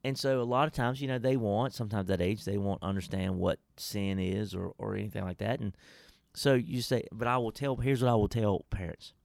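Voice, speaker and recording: Gravelly man, folksy preacher talk. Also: on the low side, fairly even intonation, fairly quick, darkish tone, dry recording, studio quality. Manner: emphatic, folksy, preacherly asides. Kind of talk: casual Bible-study chat.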